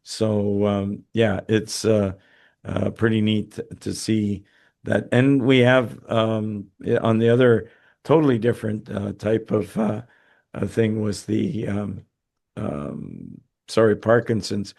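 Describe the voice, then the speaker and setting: A man hosts a webinar over a video call and answers viewer questions. He sounds tired and talks haltingly, with many fillers and restarts. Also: fairly low pitch, gravelly, a little mellow. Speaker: host. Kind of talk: webinar talk and Q&A.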